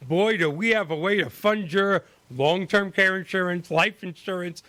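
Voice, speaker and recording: Energetic bright-voiced male host. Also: high-pitched, dry recording. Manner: energetic, rapid-fire questioning. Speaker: show host. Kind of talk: panel discussion.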